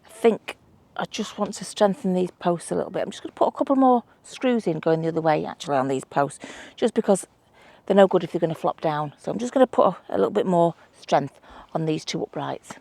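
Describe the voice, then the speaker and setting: A woman's voice: on the low side, animated, fairly quick, gravelly, hardly any pauses, warm tone, dry recording. A middle-aged woman with a Manchester accent, chatting casually and thinking aloud as she builds a trellis outdoors at her allotment for her vlog. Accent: Manchester English. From England. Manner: chatty, self-deprecating, thinks aloud while doing DIY. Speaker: allotment gardening vlogger. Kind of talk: casual vlog narration while working.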